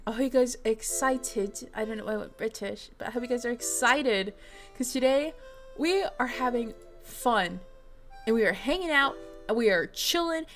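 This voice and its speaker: A young woman chatting casually with her stream chat, bubbly and excitable, giggling often with lots of fillers. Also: on the high side. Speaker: streamer reading fanfiction to chat. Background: faint music.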